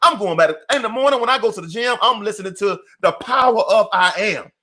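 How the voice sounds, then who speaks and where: A man's voice: high voice, a little fast, sharp tone. A middle-aged man giving a motivational talk in an emphatic, repetitive, preacher-like cadence. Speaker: motivational speaker.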